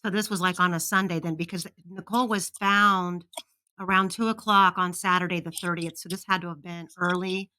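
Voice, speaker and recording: A woman interviewing a witness, asking calm, probing follow-up questions. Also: lowish voice, a little fast.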